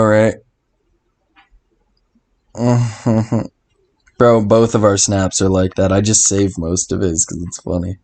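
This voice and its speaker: A drowsy young guy streaming late at night, rambling loosely with plenty of swearing and chuckling to himself. his voice sits a little low, and he sounds tired and half-asleep. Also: a little mellow. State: sleepy and tired. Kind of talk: casual late-night livestream chat.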